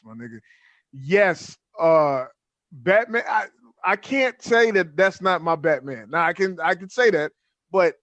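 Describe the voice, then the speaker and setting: A man with a fairly high voice co-hosts a podcast in loose, profane chat about a movie. He keeps tossing in "man" and restarts his sentences as he gets worked up. The sound is dry, with no room around it. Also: a bit bright, dry recording. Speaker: podcast co-host. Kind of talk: casual film review chat.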